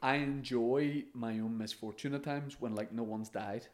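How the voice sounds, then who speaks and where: A man's voice: mid-range voice, steady tone, moderate pace. A man, a comedian and podcast co-host, telling stories in casual chat, laughing often and swearing now and then.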